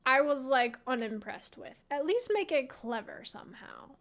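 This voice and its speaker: High-voiced woman, blunt and laughing. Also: big pitch swings, normal speed, a bit bright. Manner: blunt, laughing, casual slang. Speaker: podcast co-host. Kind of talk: casual chat.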